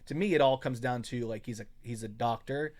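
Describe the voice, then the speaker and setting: A man's voice: medium pitch, a little fast. A man hosting a podcast in casual chat, loose and profane, laughing often and slipping into joke voices. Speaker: podcast host.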